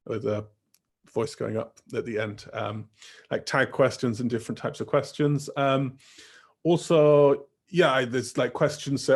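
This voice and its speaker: A young man leads a teacher-training workshop over a video call in a loose, chatty way. He rambles and piles up fillers like "um" and "like" as he goes. His pitch sits in an ordinary middle range. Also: steady tone, moderate pace, breathy edge. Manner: casual, rambling, many fillers. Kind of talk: online workshop talk.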